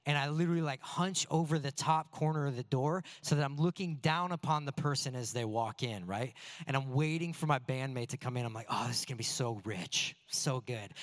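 A man on a church's staff delivers a sermon through a funny personal anecdote. His voice sits a bit high and sounds dry, with no room echo. He tells the story with animation and gently pokes fun at himself. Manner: animated, self-deprecating anecdotes. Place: church sanctuary before a congregation.

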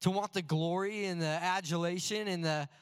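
A man preaching a sermon as a pastor in a church sanctuary, telling stories earnestly and slowing down to stress key phrases. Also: high-pitched, fairly even intonation, smooth. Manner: earnest storytelling with slow emphatic phrases. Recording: long hall reverb.

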